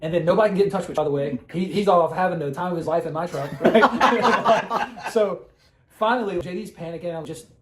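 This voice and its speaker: Man, pastor, rapid lively storytelling, slightly high voice, roomy echo. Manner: animated, laughing, acts out the people he quotes. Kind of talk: storytelling chat.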